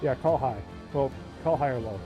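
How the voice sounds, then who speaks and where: A man's voice: medium pitch, moderate pace, highs cut off. Playful man running a tabletop game, with music underneath. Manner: playful, laughs at his own descriptions. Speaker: dungeon master.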